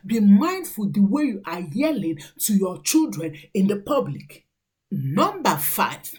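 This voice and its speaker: A woman's voice: a little high, a little mellow, husky. A woman, a mother who hosts her own channel, giving earnest, preachy parenting advice to camera and counting off numbered points.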